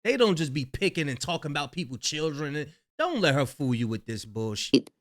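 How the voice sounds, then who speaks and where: Male commentary host, slightly high voice, loose and chatty, trails off and laughs a lot. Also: very animated, a little fast, fairly bright tone. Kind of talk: casual reaction commentary.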